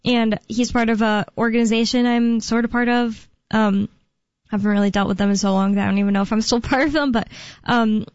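A woman's voice: on the high side, no echo, highs cut off. A young woman co-hosting a talk radio show, chatting casually and thinking aloud with lots of fillers.

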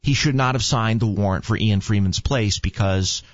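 A man's voice: fairly low pitch, moderate pace, dry recording. A man chatting casually, telling rambling joking stories. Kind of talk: casual chat. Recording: dull lo-fi sound.

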